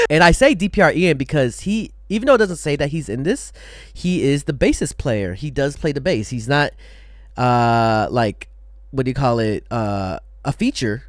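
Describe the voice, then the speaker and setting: A young man streaming live with a lively, bouncing voice that swings widely in pitch. He talks casually and excitedly, full of slang, as he reacts to a music video. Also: dry recording.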